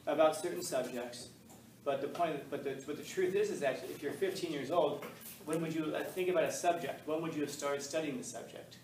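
A middle-aged male high school teacher leading a class discussion and telling a story, animated, laughing, and acting out voices. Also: fairly quick, slight background noise. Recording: echoey classroom from far off, faint ambience.

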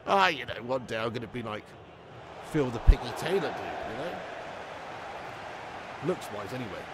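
A man doing live commentary on his game stream, excitable, yelling at plays and chatting with viewers. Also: mid-range voice, moderate pace, very noisy.

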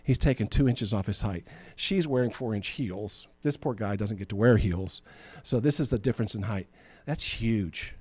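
A man's voice: lowish voice, normal speed, hardly any pauses, darkish tone, husky, no echo. A man preaching a sermon as pastor, in a chatty, joking way, often acting out the people in his stories. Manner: conversational and joking, acts out Bible figures.

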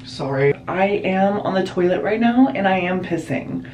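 A man's voice: high-pitched, expressive, moderate pace, darkish tone, slight background noise. A young man filming a casual vlog at home in his bedroom and bathroom, talking in a sarcastic, self-mocking and dramatic way. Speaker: vlogger.

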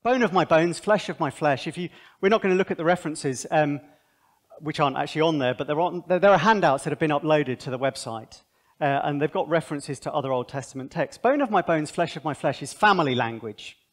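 A man giving a conversational Bible seminar talk, animated and thinking aloud with asides. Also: a little high, fairly quick. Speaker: seminar speaker.

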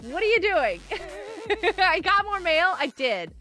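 A woman with a very high, bright voice swings widely up and down in pitch while chatting casually on a live game stream. Unhurried, she gushes and giggles as she thanks her viewers, with faint game music in the background.

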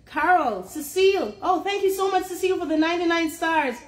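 A woman's voice: very high-pitched, lively intonation, fairly quick, roomy sound. A woman hosting a casual livestream on a phone in a holder, laughing often as she reads out viewer names. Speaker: livestream host.

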